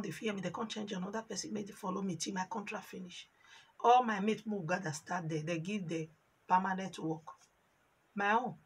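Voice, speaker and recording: Nigerian woman vlogger, bright forceful voice, animated storyteller who acts out every quote. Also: fairly high pitch, creaky, slightly rough. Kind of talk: casual storytelling monologue in Pidgin.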